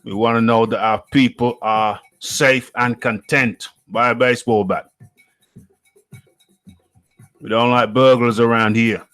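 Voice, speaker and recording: A man's voice: mid-range voice, steady tone, moderate pace, a bit bright, smooth, soft background music. A man from the UK hosting a live show, reading out the chat in a playful, repetitive way and chuckling often. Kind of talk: casual live-stream chat.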